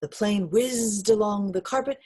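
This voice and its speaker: With a mid-range, breathy voice, a female reader goes through a children's picture book a little slowly, using an expressive, sing-song storytelling style.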